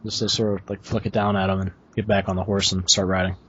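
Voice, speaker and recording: A man's voice: deep voice, level tone, quick pace, fairly bright tone, a little hiss or hum. A man casually describing his character's actions as a player in a tabletop game over a video call. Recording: muffled lo-fi online call.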